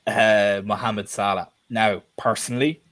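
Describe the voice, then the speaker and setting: A man's voice: lowish voice, fairly even intonation, unhurried, a bit bright, no room sound. A man co-hosting a live stream, chatting bluntly and casually and swearing now and then.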